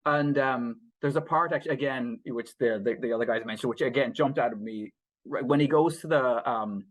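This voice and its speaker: A rambling man in a relaxed podcast chat. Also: mid-range voice, a little fast. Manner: rambling with many fillers and restarts, laughs often. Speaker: podcast co-host. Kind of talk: casual film review chat.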